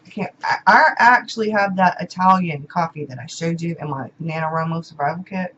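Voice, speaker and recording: A woman's voice: on the low side, a little fast, fairly bright tone, dull audio, slight background noise. A woman chatting casually in a home vlog, emotional and gushing, repeating her words. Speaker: vlogger. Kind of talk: casual unboxing chat. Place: home room.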